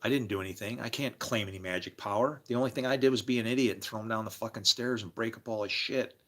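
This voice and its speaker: A man livestreaming, telling rambling personal stories in a loose, animated way, laughing and swearing freely as he jumps between tangents. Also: lowish voice, fast. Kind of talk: casual rambling storytelling.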